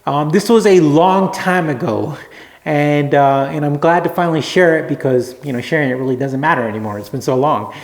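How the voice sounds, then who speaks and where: A man telling a rambling, relaxed anecdote to camera as a vlogger. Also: fairly high pitch, fairly quick, reverberant. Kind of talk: casual storytelling to camera.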